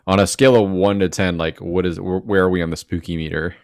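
A man's voice: low-pitched, fairly even intonation, quick pace, no room sound, clean studio sound. A man hosting a casual podcast chat, easygoing and teasing. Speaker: podcast host.

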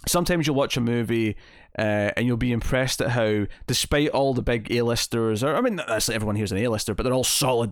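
In clean studio sound with no room noise, a podcast host with a medium-pitched voice talks through a film casually, rambling with many restarts and fillers.

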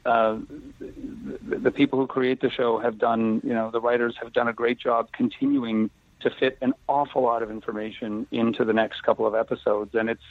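A man's voice: medium pitch, flat delivery, no room sound. A man, an actor guest in a casual interview, talking carefully and holding back spoilers. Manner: careful and measured, avoids spoilers. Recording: tinny phone line, dry.

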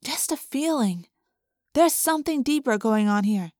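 A woman doing a soft, uneasy teenage girl. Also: high voice, lively intonation, unhurried, no room sound, studio quality. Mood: troubled. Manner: soft, hesitant.

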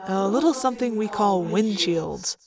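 A woman reading the part of a calm, dry-witted teenage boy, voiced lower and softer than her narration. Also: normal speed, over music, lightly acted. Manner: calm, dry, soft-spoken. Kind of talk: audiobook character reading.

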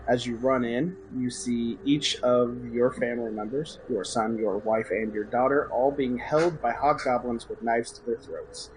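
A man's voice: mid-range voice, slight background noise, low-quality recording. A man narrating a tabletop game as game master, with fillers and restarts.

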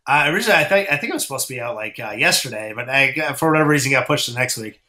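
A man's voice: medium pitch, animated, racing, sharp tone, reverberant. A man telling rambling stories in a casual podcast chat, with lots of fillers. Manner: rambling storyteller, many fillers and laughs. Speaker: comic book writer.

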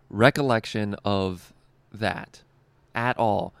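Here the same sort of casual storytelling comes from a young man who does stand-up and co-hosts a show, rambling through a profane tale full of "like" and laughs. He speaks at a measured pace in a gravelly, lowish voice, with no room sound at all.

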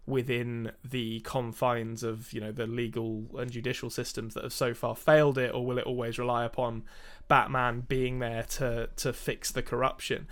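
A man co-hosting a film podcast in casual chat, talkative and quick to laugh, often restarting his sentences. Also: mid-range voice, flat delivery. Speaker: podcast co-host.

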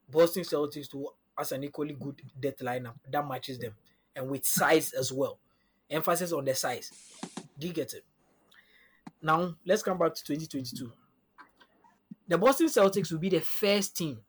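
This guest analyst on a laid-back sports podcast has a slightly rough, higher-leaning male voice. He lays out basketball matchup numbers one step at a time and keeps checking in with "you understand?".

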